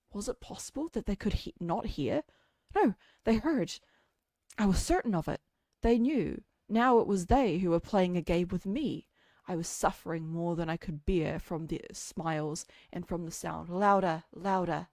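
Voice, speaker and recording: A woman with a New Zealand accent, reading a story aloud in a soft ASMR style and then chatting with her stream in a relaxed way that is full of laughter. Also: on the low side, dry recording, studio quality.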